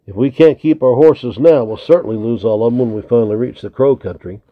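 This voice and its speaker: A man reading the part of an experienced trapper in charge of the night guard, brisk and firm. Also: mid-range voice, close to an everyday voice. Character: experienced watchful male trapper, head of the guard. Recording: tinny narrow lo-fi recording.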